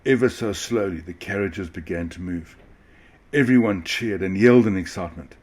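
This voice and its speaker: A man reading a children's story aloud in a gentle, expressive way. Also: low voice, moderate pace. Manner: gentle, expressive, occasional restarts.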